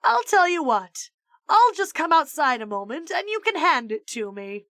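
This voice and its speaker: A woman's voice: sits high, sing-song, moderate pace, fairly bright tone, no room sound, clean studio sound, pitched above the performer's own voice. A woman voicing a sinister male teacher who mocks his pupils in stolen voices. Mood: falsely polite. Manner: mocking, sneering.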